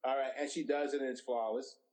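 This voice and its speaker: This middle-aged director, appearing as an interview guest, rattles through anecdotes quickly, animatedly performing the quoted dialogue. His pitch is medium and the audio quality is poor.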